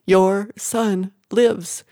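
A reader voicing a stern, strident male prophet, commanding and loud in prayer. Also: medium pitch, steady tone, fast, gravelly, natural voice. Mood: triumphant.

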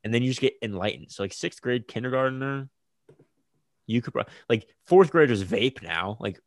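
A man's voice: medium pitch, expressive, moderate pace, dry recording. A young man, a college student, talking casually and ramblingly, full of "dude" and "like". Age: young adult. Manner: chatty, rambling, "dude" and "like" fillers. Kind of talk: casual chat.

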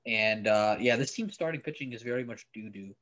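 A podcast co-host talks sports in a wry, offhand way, dropping plenty of likes and ums. His voice is mid-range, fairly quick and a bit bright, and the recording sounds muffled.

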